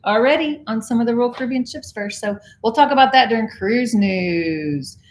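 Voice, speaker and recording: A woman's voice: on the high side, moderate pace. Chatty Texan woman hosting a livestream. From Texas. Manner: chatty, reads out viewer comments and greets them. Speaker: co-host of a cruise channel livestream. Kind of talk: casual livestream chat.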